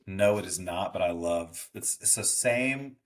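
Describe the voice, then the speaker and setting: Low voice guy on a podcast, kinda rambly, throws in movie quotes. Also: unhurried. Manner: rambling, hesitant, many fillers and restarts, quotes movies. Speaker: podcast co-host. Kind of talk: casual chat.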